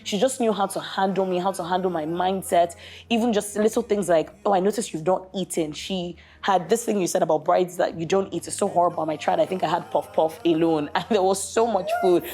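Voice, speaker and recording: A woman's voice: on the low side, fairly quick. A young woman from Nigeria, a guest, telling a story in casual chat with lots of "like" and "literally". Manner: animated storyteller who often says "like" and "literally". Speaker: guest bride.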